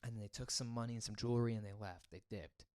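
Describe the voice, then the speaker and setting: A man's voice: lowish voice, fairly even intonation, quick pace, a little mellow. A young man, a musician, recounting his band's history in a casual chat, rambling with many fillers. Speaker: guest musician.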